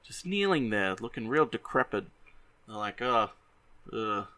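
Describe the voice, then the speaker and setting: A young adult man hosting a show who casually retells a movie in animated bursts. He swears freely and often restarts his sentences. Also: mid-range voice, normal speed. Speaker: host.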